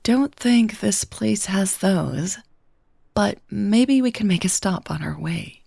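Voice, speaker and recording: A woman's voice: mid-range voice, expressive, takes it slowly, creaky, mellow, husky, no echo, clean studio sound, exaggerated voice. A woman voicing a shy, nervous young woman in love, talking hesitantly and a little breathlessly, in a story read aloud.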